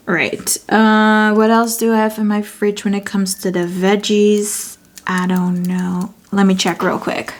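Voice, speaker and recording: A woman with a Dutch accent, a native Dutch speaker, chatting casually as she sets up her journal, thinking aloud and correcting herself as she goes. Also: medium pitch. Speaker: vlogger. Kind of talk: casual chat while journaling.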